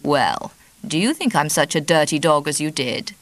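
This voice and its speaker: A woman reading an audiobook, voicing a self-satisfied man with a deep, charming voice who coaxes and soothes. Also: sing-song, normal speed, no echo. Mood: smug. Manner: coaxing, smug.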